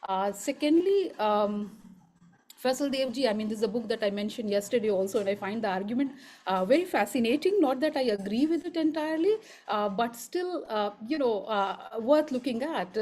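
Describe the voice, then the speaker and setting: A woman at a conference asking a long, searching question, thinking aloud and pausing often. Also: a little high, animated, a little mellow. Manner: halting, many fillers and restarts, thinking aloud. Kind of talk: spontaneous academic question.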